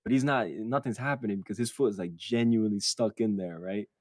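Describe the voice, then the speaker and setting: A man's voice: fairly low pitch, a little fast, no room sound. Profane young man telling a story. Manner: animated and profane, quotes others in put-on voices. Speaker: podcast co-host. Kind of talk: casual storytelling.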